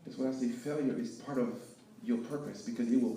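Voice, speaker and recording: A man telling his story of failure and faith as a speaker at an event, preaching with lively swings between loud and hushed. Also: medium pitch, brisk, few pauses. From Haiti. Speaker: guest speaker. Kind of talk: inspirational testimony talk. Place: event hall with live audience. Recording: echoey hall, picked up from far off.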